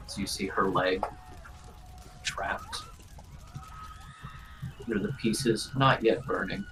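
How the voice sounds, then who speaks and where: A man as game master, narrating a tabletop role-playing scene in a grave, unhurried second-person storytelling manner. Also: fairly low pitch, huge pitch swings, fairly bright tone, slight background noise, rough recording.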